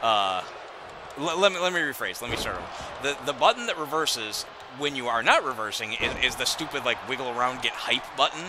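An animated man chatting over a video game with friends, restarting his sentences as he goes. His pitch swings widely. The recording has clear background noise. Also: brisk. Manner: animated, laughing, frequent restarts. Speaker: host. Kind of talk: casual gaming chat.

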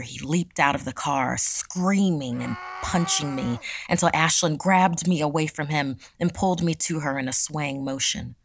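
A woman narrating a scripted horror story in a hushed, dramatic reading. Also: low-pitched, vocal fry. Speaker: podcast storyteller.

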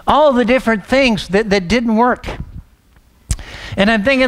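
Middle-aged male pastor with a high voice, storytelling sermon delivery, repeats and restarts words. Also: unhurried. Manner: storytelling, acts out quoted dialogue.

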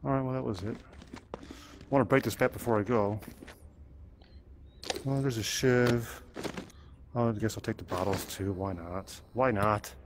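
A man's voice: fairly low pitch, steady tone, normal speed, pauses often, background noise. A man playing a zombie game, chatting playfully to himself and to the enemies as he goes. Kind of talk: let's play commentary.

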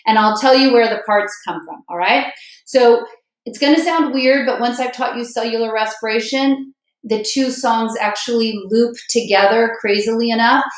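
A woman teaching biology in a chatty, upbeat way, often checking in with her students. Her voice sits a little high. She breaks into chants and a sung memory song, and the room around her is echoey. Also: moderate pace. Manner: upbeat, chatty, checks in with "okay?" and "all right?". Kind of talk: recorded classroom lecture with song.

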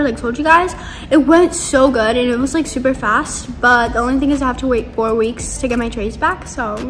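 A woman's voice: sits high, a bit bright, big-room sound. A young woman wrapping up a vlog in a giggly, rambling, easily sidetracked way. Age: teens. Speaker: vlogger. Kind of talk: casual vlog outro.

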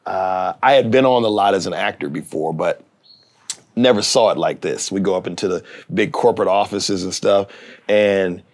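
Animated man telling a long story. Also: sits low, normal speed. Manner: animated, acts out quoted voices. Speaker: TV writer and actor. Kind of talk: casual storytelling interview.

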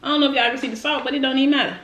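This is a woman with a high voice hosting a casual food-tasting vlog. She chats loosely to her viewers between bites and uses plenty of slang. The recording has a noticeable room echo. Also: steady tone, very fast, fairly bright tone. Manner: chatty, slangy, talks to viewers while eating. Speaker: food vlogger. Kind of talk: casual eating-show chat.

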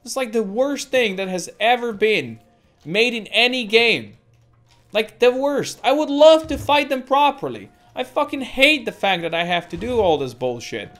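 A woman's voice: on the high side, expressive, moderate pace, faint music behind. A woman giving let's play commentary as a gameplay streamer, swearing constantly and ranting at the game.

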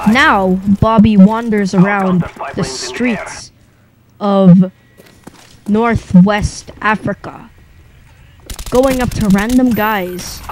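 A young man telling a rambling, improvised comic story in a deadpan way, pausing often. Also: high-pitched, background noise. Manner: rambling, deadpan, with long pauses.

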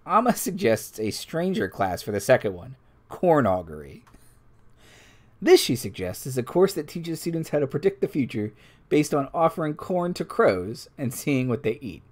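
A man with a medium-pitched, sing-song voice speaks at a normal speed. He's a game master hosting a live stream, reading tabletop game rules aloud and tossing casual asides to the chat.

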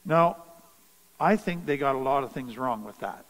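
A man giving a talk on parenting and trauma in a slow, deliberate, earnest way, stressing key phrases. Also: medium pitch, lively intonation, a bit bright, in a large hall, low-quality recording. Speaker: trauma educator. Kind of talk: teaching talk.

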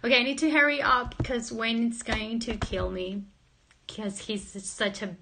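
A woman's voice: on the high side, fairly even intonation, measured pace, sharp tone, a little hiss or hum. A woman casually chatting on a livestream, playful and giggly, joking with viewers and reading their comments aloud. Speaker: livestream host.

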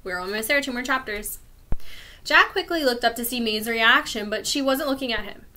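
A woman, a teacher, reading a chapter book aloud to children in a friendly, clear storytelling manner. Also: fairly high pitch, normal speed, pushed and bright.

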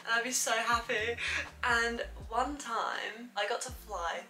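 Chatty young Englishwoman, bright voice. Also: a little high, steady tone, slow pace, soft background music, rough recording. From England. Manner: chatty, says "like" a lot. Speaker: vlogger. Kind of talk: casual storytelling to camera.

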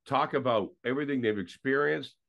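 A man's voice: mid-range voice, fairly quick, creaky, lo-fi sound. A man co-hosting a sports podcast in casual, enthusiastic chat that sometimes trails off mid-thought. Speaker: podcast co-host.

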